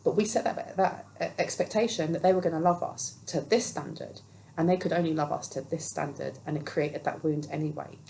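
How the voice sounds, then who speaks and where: A woman's voice: low-pitched, steady tone, a little fast, creaky, warm tone, slight background noise, low-quality recording. A woman talking earnestly and reassuringly through a spiritual tarot reading, now and then acting out quoted voices. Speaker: tarot reader.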